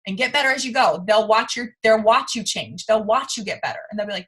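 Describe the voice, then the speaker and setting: A woman's voice: medium pitch, expressive, quick pace, pushed and bright, breathy edge. A woman in her thirties leading a motivational training talk on a video call, emphatic and repeating her points. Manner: emphatic, repeats for effect, keeps saying "you guys". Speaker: sales team leader.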